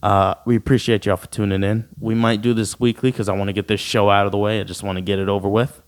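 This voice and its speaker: A man's voice: lowish voice, flat delivery, fast talker. A man hosting a podcast, reading listener comments aloud and ranting bluntly in profane slang. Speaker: podcast host.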